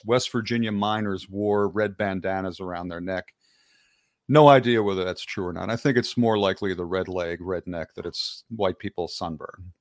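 A man's voice: fairly low pitch, dry recording, clean studio sound. A man talking as a guest author in a casual podcast conversation, rambling and digressive with frequent restarts.

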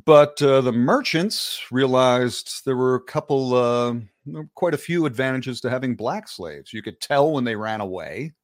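A man's voice: mid-range voice, animated, a little slow, dry recording, studio quality. A man talking as a guest author in a casual podcast conversation, rambling and digressive with frequent restarts.

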